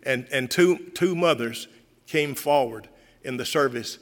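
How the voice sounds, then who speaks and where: A man's voice: medium pitch, a little slow, in a large hall. An older man, a retired pastor, preaching a sermon, telling a story and then making fervent appeals.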